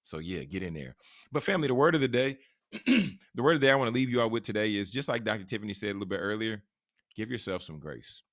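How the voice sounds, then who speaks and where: A man hosting a podcast in casual chat, relaxed and repetitive, with hype sign-offs. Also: lowish voice, rapid-fire, no echo, clean studio sound. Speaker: podcast host.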